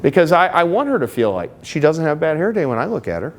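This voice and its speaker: A man's voice: a little high, big pitch swings, quick pace. A middle-aged man speaking live to an audience at a marriage seminar, conversational and joking, full of personal anecdotes.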